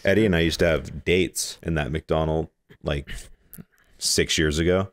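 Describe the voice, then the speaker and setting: A man's voice: rumbling low, fairly even intonation, unhurried, dry recording. A man co-hosting a podcast in casual chat, talking hesitantly with lots of fillers. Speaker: podcast co-host.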